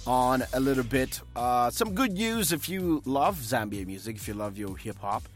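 A male host in casual on-air chat, relaxed, with many pauses and fillers. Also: medium pitch, faint music behind. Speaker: radio host.

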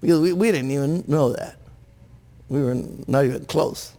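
A man's voice: fairly high pitch, normal speed, dark tone. A man preaching a sermon in church, earnest, often restarting his words and asking "Amen?". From Texas, USA. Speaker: pastor.

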